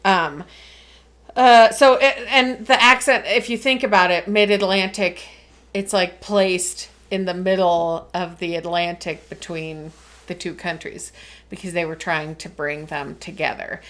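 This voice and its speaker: A woman's voice: on the low side, fairly even intonation, a little slow, a bit bright. A woman co-hosting a podcast, explaining a topic in casual chat with lots of ums and frequent laughter. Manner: chatty, laughs often, explains with many ums. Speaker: podcast co-host.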